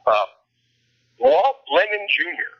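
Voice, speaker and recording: A man's voice: high voice, wildly swooping pitch, slow pace, creaky. A man talking as a guest on a sports podcast, enthusiastic and stumbling over repeated words. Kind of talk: casual sports podcast chat. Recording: tinny phone line.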